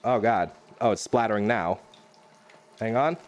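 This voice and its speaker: A man's voice: on the low side, measured pace, lo-fi sound. A man streaming live from his home kitchen, rambling and joking at his own expense while he cooks and talks to chat.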